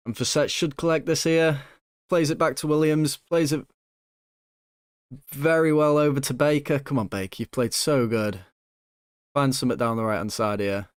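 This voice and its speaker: A young man commentating his own football management game, excitable and swinging between nervous hush and loud joy, swearing now and then. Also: mid-range voice, clear, resonant tone, no echo, studio quality. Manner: excitable, swings from hushed nerves to shouting joy. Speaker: gaming YouTuber.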